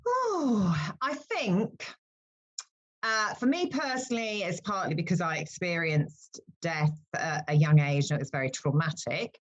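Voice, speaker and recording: A woman funeral celebrant being interviewed, telling stories in a lively, animated way and laughing at herself. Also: lowish voice, measured pace, highs cut off. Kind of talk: conversational interview.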